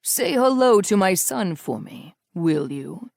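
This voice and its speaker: A silky, menacing villain who drags every word out slowly and taunts with cruel amusement, as a woman reader puts him on. The voice sinks lower than the narrator's own and sounds dry and close. It is a storybook bad guy savoring every threat. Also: sing-song, a little mellow, no room sound, exaggerated voice. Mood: mocking. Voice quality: silky smooth, deep. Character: sinister silky-voiced older man, villain.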